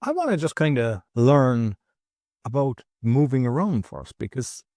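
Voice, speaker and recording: A man's voice: medium pitch, big pitch swings, measured pace, dark tone, dry recording, studio quality. An Irish man hosting a podcast, reading an intro and chatting loosely with many restarts. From Ireland. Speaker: podcast host. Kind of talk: casual podcast interview.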